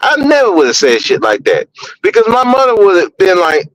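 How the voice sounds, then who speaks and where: Blunt high-voiced man ranting on a podcast. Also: huge pitch swings, brisk, fairly bright tone, low-quality recording. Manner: blunt, profane, repeats words when heated. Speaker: podcast host. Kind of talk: opinionated podcast commentary.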